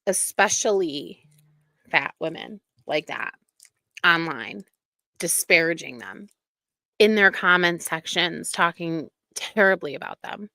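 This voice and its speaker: A woman's voice: fairly low pitch, animated, slow, bright, forceful tone, dry recording. A woman hosting a casual commentary show, talking in an indignant, emphatic way. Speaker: commentary host.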